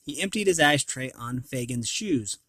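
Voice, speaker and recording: A man's voice: medium pitch, moderate pace, no room sound. A man reading a children's storybook aloud, with the odd slip and restart. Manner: animated reading, occasional slips and restarts. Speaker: storybook reader.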